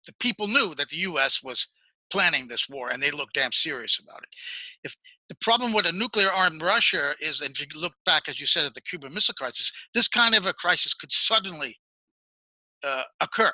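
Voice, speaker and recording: A man's voice: on the high side, expressive, fairly quick, sharp tone, dry recording, low-quality recording. A man interviewing a guest, asking long, earnest multi-part questions. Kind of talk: political interview.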